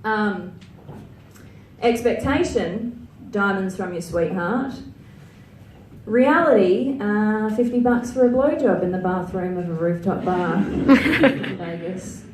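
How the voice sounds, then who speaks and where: A woman's voice: medium pitch, takes it slowly, darkish tone, far from the mic, a little hiss or hum. A young Australian woman performing a stand-up set, crude and self-mocking, chatty with lots of filler words. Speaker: stand-up comedian. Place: comedy venue stage. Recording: roomy live venue sound from afar.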